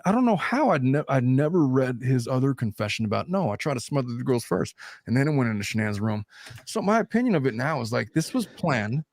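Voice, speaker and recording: A man in his thirties hosting a casual podcast discussion, animated, swearing freely and laughing between points. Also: mid-range voice, dry recording, studio quality. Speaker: host.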